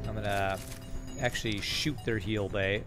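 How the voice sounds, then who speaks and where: A man's voice: lowish voice, steady tone, moderate pace, a bit bright, soft background music. A man streaming a strategy game live, talking casually through his moves and reading out and answering viewer chat. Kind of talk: live gameplay commentary.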